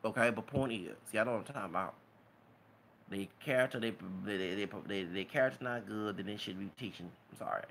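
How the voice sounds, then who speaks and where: A man's voice: fairly low pitch, a little fast, creaky, fairly bright tone, a little hiss or hum. A man giving an emotional, preachy, rambling rant as a vlogger. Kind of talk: impassioned rant to camera.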